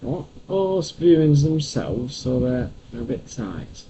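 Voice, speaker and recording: A man's voice: medium pitch, big pitch swings, takes it slowly, warm tone, voice pushed up. A man mock-reading a property listing in a put-on accent as a penny-pinching seller. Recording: dull lo-fi sound with background noise.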